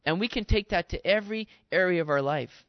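A man's voice: sits high, a little fast, no room sound. A man preaching a sermon in an earnest, exhorting way, talking straight to his listeners. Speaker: pastor. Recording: dull dry sound.

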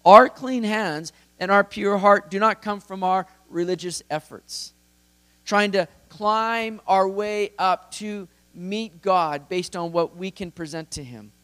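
A man's voice: high-pitched, slow, pushed and bright, smooth. A male pastor giving an expository sermon in a conversational, earnest, emphatic way.

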